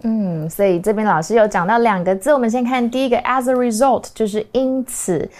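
A woman's voice: on the high side, fairly even intonation, fairly quick, darkish tone. A woman co-hosting a bilingual English lesson, explaining the words in a chatty way with frequent agreeing fillers. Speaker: co-host explaining in Mandarin.

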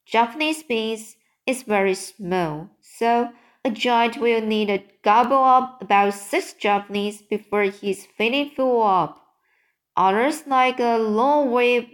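A big, kindly male giant who stumbles through jumbled grammar and invented words, read by a woman. His voice sits fairly high and moves at an unhurried pace. He sounds like a character in a storybook read aloud.

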